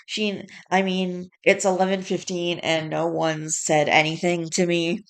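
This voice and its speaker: A woman's voice: fairly low pitch, flat delivery, a little slow, vocal fry, clear, resonant tone. A woman vlogging in a casual chat, stressed and tired, fighting back yawns and restarting her sentences as she rambles.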